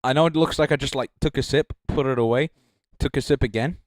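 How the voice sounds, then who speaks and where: A man's voice: mid-range voice, fast, no room sound. A young man giving casual, rambling live-stream commentary as a judge, joking between thoughts and speaking into a handheld mic. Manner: rambling, joking, filler-heavy. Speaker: livestream judge.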